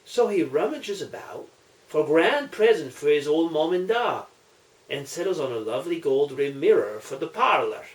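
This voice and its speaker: A man's voice: on the high side, very animated. A man telling jokes in a casual video, chatty and commenting on his own stories. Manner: chatty, unhurried, self-commenting. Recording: echoey room, distant mic.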